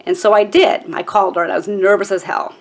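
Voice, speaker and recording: A woman's voice: mid-range voice, fairly even intonation, quick pace. Tearful woman telling her own story. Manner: candid and emotional, with a casual "like" in her speech. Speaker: vlogger. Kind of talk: personal storytelling to camera.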